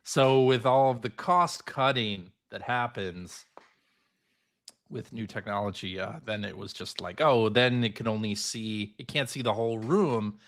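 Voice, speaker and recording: A man's voice: fairly low pitch, a little slow, fairly bright tone. A man hosting a podcast in casual chat, laughing often as he loosely relays news. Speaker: podcast host.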